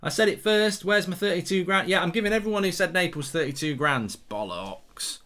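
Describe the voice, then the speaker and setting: A man's voice: sits high, expressive, fairly quick, fairly bright tone. A man hosting a football watchalong live stream, rambling and sarcastic, with bursts of swearing and singing along. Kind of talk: casual live-stream chat.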